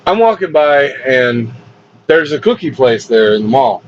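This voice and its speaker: A man's voice: mid-range voice, very animated, measured pace. Man telling a story with crude laughter. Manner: laughs often, swears freely. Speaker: podcast host and professional wrestler. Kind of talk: casual comedic storytelling. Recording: dull lo-fi recording with faint hiss.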